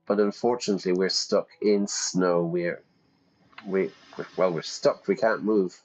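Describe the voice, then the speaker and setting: A man casually commenting while playing a game, chatty and playful, thinking out loud. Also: low voice, steady tone, unhurried, lo-fi sound. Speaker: teacher playing a game for learners.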